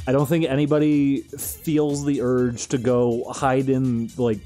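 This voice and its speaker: A man's voice: medium pitch, mellow. A young man streaming, rambling through casual commentary with frequent amused laughs.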